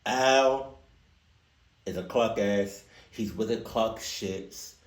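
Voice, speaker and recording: A man reacting to a horror story, loud and animated, joking and swearing. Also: fairly low pitch, drawn-out words. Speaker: reaction video host. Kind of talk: casual reaction commentary. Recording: echoey room.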